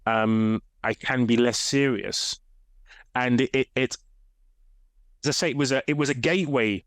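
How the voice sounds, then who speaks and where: On a dry, studio-quality recording, an adult man with a medium-pitched voice speaks at a moderate pace. As a fitness coach guest in a casual interview, he tells stories with animation, performing the voices of the people he quotes.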